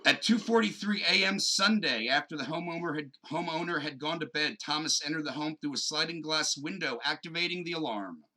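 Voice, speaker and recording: A man co-hosting a podcast, animated and joking, swearing freely and dropping jokey asides. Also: a little high, fairly quick, hardly any pauses, poor audio. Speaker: podcast co-host. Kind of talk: casual chat and mock news reading.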